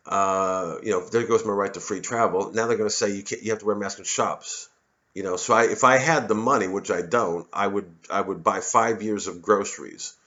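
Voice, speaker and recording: A comedian from Missouri, USA, rambles through a profane monologue on his own show, constantly digressing and starting over. His voice sits on the low side and is a bit bright, heard through dull audio.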